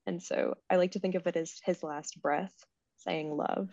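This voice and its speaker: A woman in her twenties in casual, reflective conversation, soft-spoken and quick to laugh. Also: lowish voice, fairly even intonation, no echo. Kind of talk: casual chat. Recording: dry, slightly dull sound.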